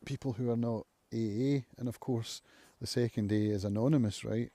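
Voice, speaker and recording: Thinking aloud in a musing, reflective way, a man streams a slow, relaxed monologue from his home, pausing often as he gropes for words. He is the channel's host and a recovering alcoholic. His warm, mellow mid-range voice comes through close-miked and dry, free of echo.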